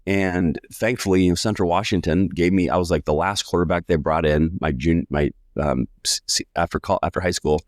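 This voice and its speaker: A man in his forties from the United States, a sales coach telling a lively personal story in a podcast interview and acting out the voices of people he quotes. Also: sits low, a little fast, no room sound, clean studio sound. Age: 40s.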